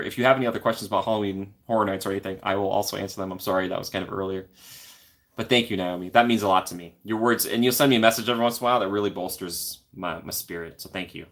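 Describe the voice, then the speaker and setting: A man's voice: fairly low pitch, very fast, a bit bright. A young man hosting a casual live stream from the corner of his apartment, chatting in a friendly, rambling way and reading out viewer comments.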